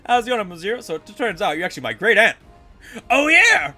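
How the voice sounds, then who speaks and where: A man giving casual, jokey commentary while playing a video game with friends, animated and quick to swear. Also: high voice, soft background music.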